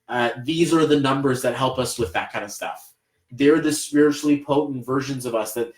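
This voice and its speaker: A man's voice: mid-range voice, roomy sound, poor audio. A man with a Canadian accent doing a live numerology reading, rambling and encouraging, with many fillers. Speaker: numerology reader. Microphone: livestream camera mic.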